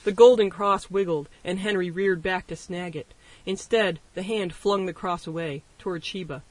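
High-voiced man narrating an audiobook. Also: moderate pace, no room sound. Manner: wry first-person storytelling. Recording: voice distant from the mic.

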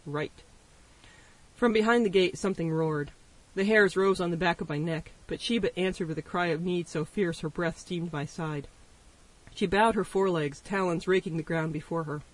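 A man narrates an audiobook with wry first-person storytelling. His voice sits high for a man, and he sounds distant from the microphone. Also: steady tone, moderate pace. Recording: voice distant from the mic.

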